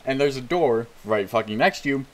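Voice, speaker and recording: A man's voice: medium pitch, animated, a little fast, noisy background. A man hosting a let's play of a horror game, with jittery, profane, self-mocking commentary. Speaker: gaming video host.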